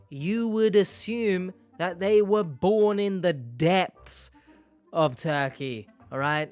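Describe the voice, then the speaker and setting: A man's voice: sits high, fairly bright tone, clean tone, no room sound. A man hosting a reaction video, mocking what he watches with sarcastic jokes. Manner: mocking, sarcastic, jumps into silly voices. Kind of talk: comedic reaction commentary.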